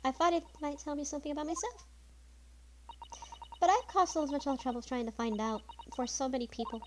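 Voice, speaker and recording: A woman's voice: sits high, a little fast, noisy background, voice pushed up, natural voice. A woman voicing a cheerful, sweet young girl from a story game, gushing and affectionate. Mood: sweet, earnest.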